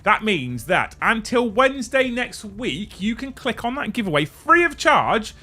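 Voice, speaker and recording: A man's voice: sits high, measured pace. A man hosting a casual livestream, chatting and joking with viewers while reading through lists. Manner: animated, joking, reads off lists. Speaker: livestream host.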